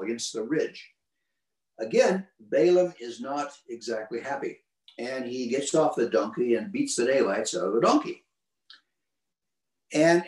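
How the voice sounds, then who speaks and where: A man's voice: medium pitch, a little mellow. A man preaching a sermon, retelling a story in plain, folksy words with frequent restarts, in a church. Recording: roomy hall, distant mic.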